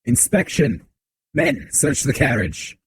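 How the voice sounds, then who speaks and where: A man voicing a gruff, corrupt guard captain while reading game dialogue aloud, barking orders in a menacing way. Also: medium pitch, sing-song, takes it slowly, no echo, pitched above the performer's own voice, heavily acted. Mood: stern.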